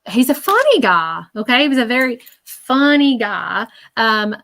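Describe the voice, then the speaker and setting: A woman's voice: fairly high pitch, sing-song, a little slow, fairly bright tone. A woman psychic medium giving a live spirit reading in a chatty, reassuring way, full of fillers and check-ins.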